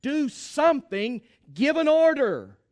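A man's voice: very high voice, animated, unhurried, fairly bright tone, exaggerated voice. A man voicing an anxious younger brother and soldier with an urgent, pleading voice. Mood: alarmed.

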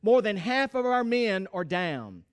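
A man's voice: sits high, very animated, unhurried. A man voicing an anxious younger brother and soldier with an urgent, pleading voice. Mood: grim.

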